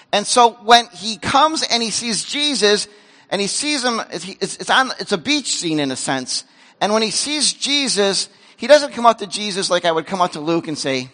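A man preaching a sermon as a pastor, animated and emphatic, acting out the voices of the people he describes. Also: sits high, normal speed, in a large hall. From grew up in a Korean church community. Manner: animated, acts out quoted voices, shouts for emphasis. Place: church sanctuary.

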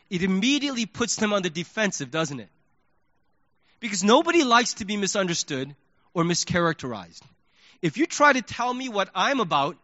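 A male pastor preaching a sermon, telling stories in an animated way and acting out his own thoughts. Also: high voice, no room sound. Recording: dull lo-fi sermon recording.

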